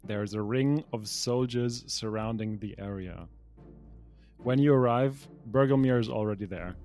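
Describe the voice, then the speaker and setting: A man's voice: on the low side, moderate pace, darkish tone, soft background music. A young adult man as game master, reading pre-written narration for a tabletop game with small slips and restarts.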